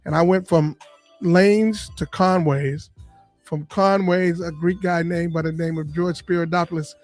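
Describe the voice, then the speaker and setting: A man from Boston, a comedian and radio guest, telling lively stories in a casual interview. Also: a little high, measured pace, soft background music. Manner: animated storyteller, lively and full of punchlines.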